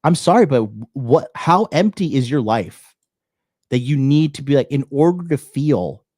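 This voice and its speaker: A man's voice: mid-range voice, animated, a little slow, a little mellow, dry recording, studio quality. A young man hosting a live call-in show, giving blunt, profane commentary on a clip. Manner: blunt and profane, loose and swaggering.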